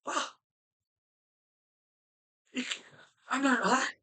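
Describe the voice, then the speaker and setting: Middle-aged man, ranting vlogger, slightly high voice, very lively pitch, profane, restarts often. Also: moderate pace. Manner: heated, profane, repeats and restarts phrases; mimics other people's voices. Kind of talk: casual ranting monologue.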